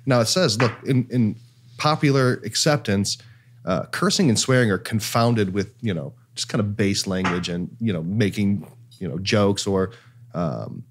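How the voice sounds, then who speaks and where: A man's voice: on the low side, expressive, moderate pace, a little hiss or hum. A man co-hosting a casual panel discussion, explaining scripture at length with many "you know"s. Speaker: podcast co-host.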